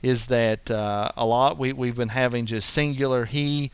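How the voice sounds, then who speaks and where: A man's voice: mid-range voice, steady tone, a little slow, smooth. A man giving a verse-by-verse Bible teaching, explaining as he goes and often restarting his sentences. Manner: explanatory, thinking aloud with frequent restarts.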